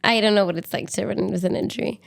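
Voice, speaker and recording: A young adult woman co-hosting a podcast, telling a story in casual chat with lots of fillers and lively asides. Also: medium pitch, fast talker, creaky. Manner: chatty, animated storytelling with many fillers. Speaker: podcast co-host.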